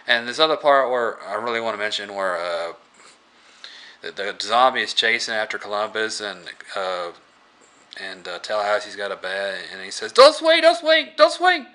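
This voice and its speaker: This is a man with a lowish, sharp, tense voice, recapping a movie casually. He rambles and halts often, filling the gaps with filler words. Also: steady tone, moderate pace. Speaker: movie reviewer.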